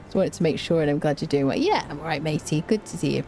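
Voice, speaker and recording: A woman's voice: low voice, fast. A woman from Britain streaming a game, chatting casually and reading chat aloud, ranting with energy. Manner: chatty, reads chat aloud, animated rants. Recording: faint background noise.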